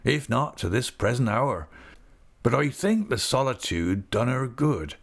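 A man voicing a gentle, sorrowful older fisherman, talking slowly and earnestly in a homely way. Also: mid-range voice, sing-song, vocal fry, exaggerated voice. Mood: wistful. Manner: slow, earnest, homely storytelling. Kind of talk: audiobook character reading.

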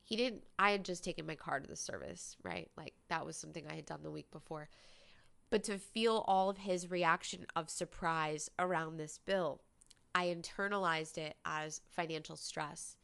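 Gravelly-voiced woman telling a personal story. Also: low voice, normal speed, fairly bright tone. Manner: candid, conversational, many "like" fillers. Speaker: podcast host.

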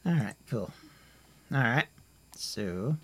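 A man narrating a tabletop game as game master, rambling and halting as he searches for words. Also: mid-range voice, animated, fairly bright tone, breathy edge. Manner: rambling, halting, many fillers and restarts.

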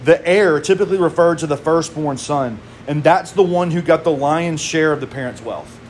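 A man in his thirties preaches in a relaxed, conversational way, mixing in casual asides. His voice sits a little higher than most men's. A faint air conditioning hum runs underneath. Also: normal speed. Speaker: pastor. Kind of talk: sermon.

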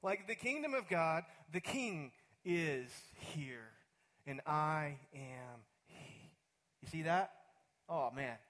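Fairly high-voiced man preaching a sermon. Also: expressive, takes it slowly, a bit bright, poor audio. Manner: earnest, stops to muse and repeat himself. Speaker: pastor.

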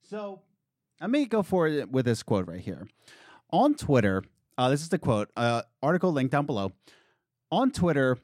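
A man hosting a casual podcast chat, talking in an animated, joking way with restarts and asides. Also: mid-range voice, normal speed, pauses often, no echo, clean studio sound. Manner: animated, jokey, wordy with restarts. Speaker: podcast host.

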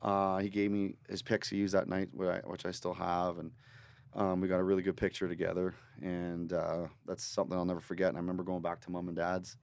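Fast-talking low-voiced man. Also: creaky, smooth. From Northern Ontario, Canada. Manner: rambling, animated storyteller who swears casually. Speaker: guest musician. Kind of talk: casual storytelling interview. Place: recording studio.

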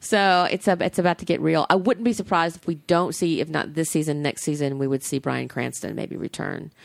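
A woman co-hosting a podcast in casual chat, gushing and animated, swearing freely. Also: low voice, brisk, creaky, no echo. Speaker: podcast co-host.

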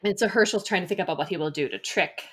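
A woman with a notably low voice talks casually about a book she loves. She is enthusiastic and rambling, and she keeps restarting her sentences around fillers. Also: fast talker, crowd noise. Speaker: podcast host reviewing a picture book. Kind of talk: casual chat.

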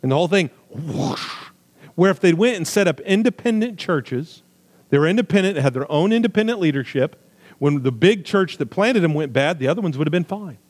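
A man preaching a sermon with emphatic, swinging delivery, loud high stresses falling to quiet low asides, with jokey remarks. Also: expressive, fairly quick. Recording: long hall reverb.

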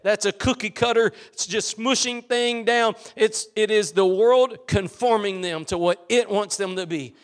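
A man preaching a sermon in a church with a Southern US accent, emphatic and repetitive, swinging between soft and loud. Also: high-pitched. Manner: repetitive, emphatic preaching with rising and falling volume. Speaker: pastor.

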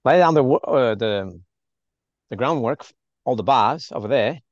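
A man's voice: mid-range voice, expressive, unhurried, no room sound. An Australian man joking around in a casual podcast chat. His voice rises and falls a lot as he talks. The recording sounds dry and a little muffled. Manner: playful, jokey. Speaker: podcast co-host. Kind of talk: casual chat over whisky.

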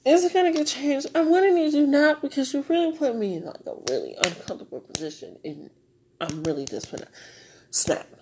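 A woman's voice: high voice, very animated, brisk, warm tone, slight background noise. A young woman podcaster venting in a raw, rambling monologue, swearing and tearful.

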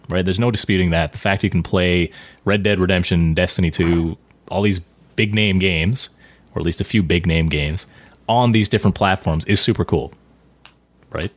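A man with a deep, low-pitched voice hosts a casual conversation. He steers the talk and keeps turning to the others for their opinions. The sound is dry and close. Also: no echo. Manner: leads the discussion, asks the others' opinions. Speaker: podcast host. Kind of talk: casual chat.

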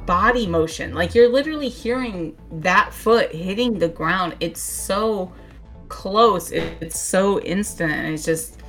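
A woman's voice: fairly low pitch, a little slow, a bit bright, faint music behind. Woman gushing in casual podcast chat. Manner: enthusiastic, gushing, filler-heavy. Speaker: podcast co-host.

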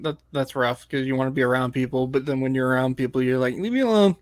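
Young male host, playful and teasing, upbeat casual interviewer, mid pitch. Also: completely flat delivery, quick pace. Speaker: podcast host.

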